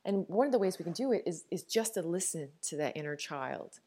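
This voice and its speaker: A woman's voice: fairly low pitch, expressive, fairly quick, warm tone. A woman in her thirties with a Newfoundland accent, hosting a reflective personal podcast in a candid, chatty way, laughing often and restarting her sentences. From Newfoundland, Canada. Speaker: podcast host.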